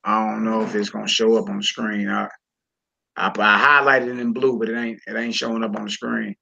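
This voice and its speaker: A man teaching a Hebrew reading class in a relaxed, informal way, talking to students while he works the screen. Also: lowish voice, brisk, gravelly, breathy edge. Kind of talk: casual online class lesson. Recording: lo-fi recording.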